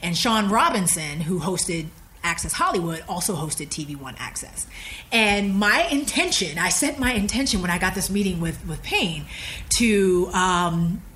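Animated woman telling a story. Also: unhurried, slight background noise. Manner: animated, acts out quoted dialogue with big pitch jumps; frank, swears casually. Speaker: podcast guest. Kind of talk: casual storytelling in an interview.

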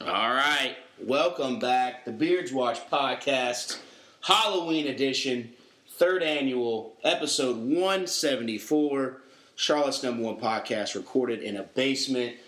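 A man's voice: mid-range voice, unhurried, fairly bright tone. Jokey man hosting from a roomy basement. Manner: jokey, laughing, rambling asides mid-read. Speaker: podcast host. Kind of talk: casual podcast chat and loose ad read.

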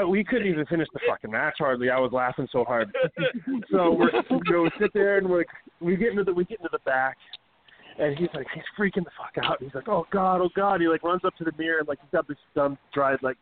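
This fast-talking wrestling radio host, his voice a bit high, spins a long, loose backstage yarn laced with profanity and fillers. His audio has a tinny phone quality with faint hiss.

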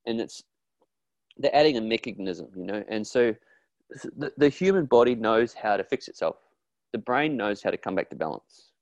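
A man talking in a casual interview about his therapy work, earnest and animated, acting out quoted voices with frequent restarts. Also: on the low side, normal speed, dry recording, muffled recording. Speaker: therapist guest.

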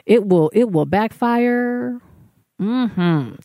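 A woman's voice: a little high, expressive, extremely slow, dark tone, no room sound, studio quality. A woman speaking casually to fellow artists, giving encouraging wellness advice with frequent fillers. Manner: conversational, encouraging, many fillers.

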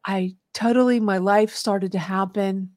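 In a casual radio interview, the female host shares a lengthy personal testimony, rambling with earnest restarts. Her mid-pitched voice is darkish and fairly even in intonation, her pace measured, and the sound dry and close-miked.

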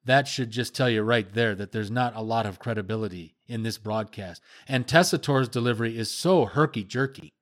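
An older man hosting sports talk, giving a blunt, opinionated rant that gets louder as he heats up. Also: mid-range voice, normal speed, few pauses. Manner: blunt, ranting critique, voice rising when heated. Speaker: sports radio host.

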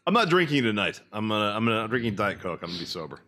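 A man's voice: on the low side, animated, rapid-fire, bright, forceful tone. A man co-hosting a crude comedy podcast, with theatrical mock-formal announcing and bawdy jokes. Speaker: podcast co-host.

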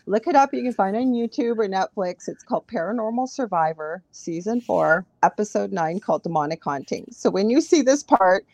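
A woman guest tells her stories with lively asides and easy laughter. Her voice sits at a middle pitch, and the recording is dry and close, with no room echo. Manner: animated storyteller, laughs often, quick asides. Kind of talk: casual chat, storytelling.

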